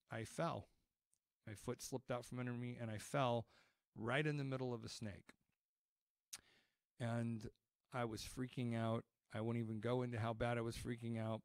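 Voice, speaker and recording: A man's voice: medium pitch, clean tone, no echo, studio quality. A middle-aged man preaching a sermon as pastor, telling stories in a conversational way with frequent restarts.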